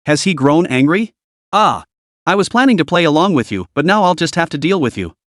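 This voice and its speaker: A man voicing a calm, confident young male beast tamer who gives unhurried commands. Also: fairly high pitch, no room sound, studio quality.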